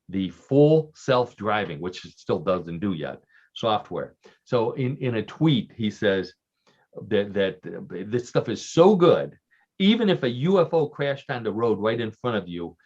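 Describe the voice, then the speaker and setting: A man's voice: lowish voice, darkish tone. A man telling offbeat stories in casual radio chat, joking and laughing along with his own tales. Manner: chatty storyteller, lots of fillers and restarts, laughs at own jokes. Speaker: regular radio show guest. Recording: dull lo-fi radio sound.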